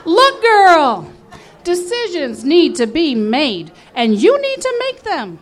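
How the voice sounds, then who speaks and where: A woman's voice: high voice, huge pitch swings, slow, slight background noise, full character voice. A woman voicing a bold drag queen who talks in a brassy, blunt, motherly way. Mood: scolding.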